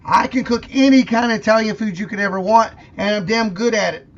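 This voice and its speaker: A man's voice: high-pitched, brisk, dull audio. A man co-hosting a podcast in casual chat, enthusiastic and plain-spoken. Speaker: podcast co-host.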